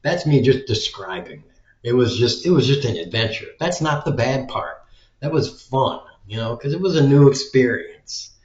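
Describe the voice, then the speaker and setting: A man's voice: mid-range voice, expressive, normal speed, darkish tone. A man talking in a casual, rambling monologue as a vlogger, packing his talk with "like". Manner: rambling, heavy use of "like" filler. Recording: echoey room, dull lo-fi sound.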